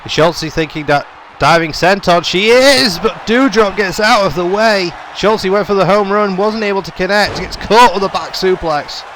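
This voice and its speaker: Young male gaming YouTuber, slightly high voice, play-by-play caller who gets loud on big moments, faint background hiss. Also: normal speed. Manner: running commentary, rising to excited shouts on big moves. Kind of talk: play-by-play game commentary.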